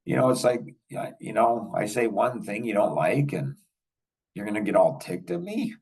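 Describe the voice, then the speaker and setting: A man's voice: lowish voice, lively intonation, moderate pace, creaky, a little mellow, slightly rough, recorded from a distance, rough recording. An older man hosting a podcast, telling rambling anecdotes in casual chat and chuckling often. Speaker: podcast host.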